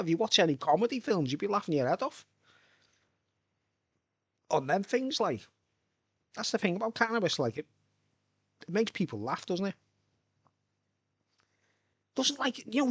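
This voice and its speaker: A man's voice: high voice, bright, forceful tone, slightly rough, dry recording. Rambling Scouse man streaming with a beer. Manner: swearing, rambling, chatty, laughs a lot. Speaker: livestreamer. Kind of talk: rambling casual live-stream chat.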